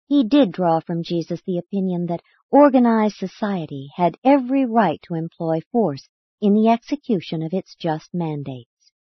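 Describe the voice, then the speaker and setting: Woman reading an audiobook, husky breathy voice, dry dull lo-fi sound. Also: fairly low pitch, no room sound. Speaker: narrator. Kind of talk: scripted audiobook narration.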